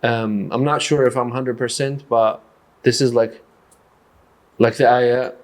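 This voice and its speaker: A man's voice: medium pitch, fairly even intonation. Man, earnest storyteller. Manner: earnest, storytelling, halting restarts. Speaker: boxing coach. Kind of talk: casual podcast conversation.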